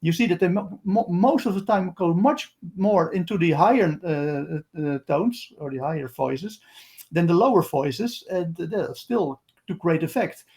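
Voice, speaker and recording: A man interviewing a guest in a casual discussion, pausing often with fillers and dropping in dry jokes. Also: high-pitched, expressive, a little mellow.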